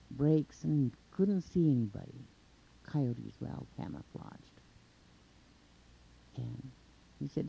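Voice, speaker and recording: A man telling a traditional folk tale in an unhurried way, linking events with 'and' and pausing on fillers. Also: mid-range voice, vocal fry, husky. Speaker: storyteller. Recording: dull lo-fi recording.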